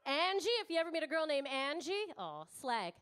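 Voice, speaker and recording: Woman stand-up, thirties, high bright voice, brash and crowd-chatty, swears freely. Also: very animated, brisk. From Canada. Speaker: stand-up comedian. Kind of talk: stand-up comedy set. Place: comedy club stage.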